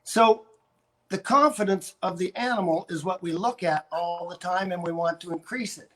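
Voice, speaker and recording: A man's voice: sits high, normal speed. An older man from Canada, a dog trainer, coaching viewers on a live stream and going over his points again and again with demonstrations.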